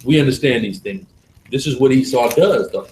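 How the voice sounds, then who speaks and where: Forceful preaching man, echoey room. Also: medium pitch, moderate pace, a little hiss or hum. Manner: forceful, emphatic, repeats for stress. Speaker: religious class teacher. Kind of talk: live preaching class.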